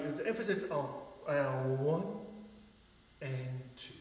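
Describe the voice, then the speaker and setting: A man's voice: sits high, expressive, moderate pace, a little mellow. A man teaching a ballet class, calling out steps and counts, chatty and encouraging, with short laughs between counts. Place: large ballet studio. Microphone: distant room mic. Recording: echoey studio from far off.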